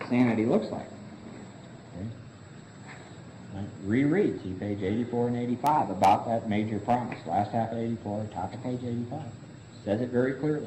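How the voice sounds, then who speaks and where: A man teaches a recovery book study to a group in a meeting room. His voice is mellow and relaxed, and the recording is roomy and echoey with faint background hiss. He asks the group question after question and answers them himself. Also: lowish voice. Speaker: study leader. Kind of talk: Big Book study lecture.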